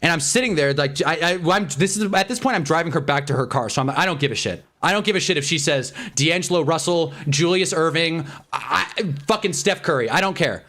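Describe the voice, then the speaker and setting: A man's voice: on the high side, a little fast, few pauses. Rambling young man telling a story. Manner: animated, rambling, self-mocking. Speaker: livestreamer. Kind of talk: casual storytelling on a live stream.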